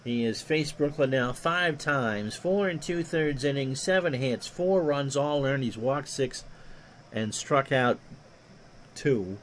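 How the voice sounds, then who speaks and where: The announcer calling this replayed baseball game has a mid-range voice and a slow pace, over a little hiss or hum. He delivers stats steadily and banters with chat between plays.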